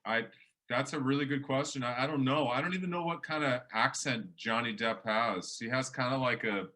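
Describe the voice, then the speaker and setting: A male professor chats loosely through an online workshop, restarting his sentences often. His voice is bright and forceful at an ordinary pitch, heard over a video call. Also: normal speed. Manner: chatty, many restarts and fillers. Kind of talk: casual workshop talk.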